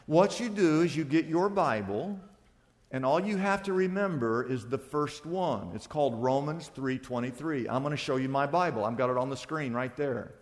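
Animated preaching man, church hall reverb. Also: medium pitch, moderate pace. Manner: animated preaching, acts out little dialogues with shifts of loudness. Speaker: pastor. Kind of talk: sermon.

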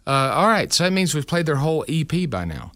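A man's voice: a little high, sing-song, a bit bright, no echo, studio quality. A man hosting a radio morning show, joking and teasing his guests in casual banter. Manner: joking, teasing, quick to jab.

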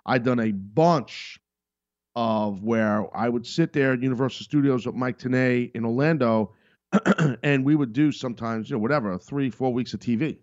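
A man's voice: mid-range voice, moderate pace, a little mellow, dry recording. A man hosting a podcast, speaking in a rambling, emphatic monologue that often breaks off and restarts. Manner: rambling, emphatic, self-interrupting. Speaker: podcast host and wrestling commentator. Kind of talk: casual monologue. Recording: dull lo-fi dry sound.

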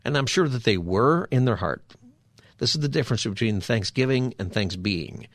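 A man's voice: mid-range voice, lively intonation, normal speed, fairly bright tone, dry recording. Man, conversational bible teaching, chatty with rhetorical asides, dry close sound. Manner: chatty, asks rhetorical 'right?' and 'you know?' asides. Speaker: radio show host teaching scripture.

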